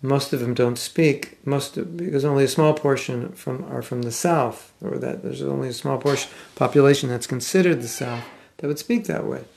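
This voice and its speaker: An older American man with a General American accent giving a scripture class, speaking thoughtfully with some halting restarts and reading passages aloud. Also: medium pitch, vocal fry, darkish tone. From United States. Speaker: spiritual teacher. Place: class room.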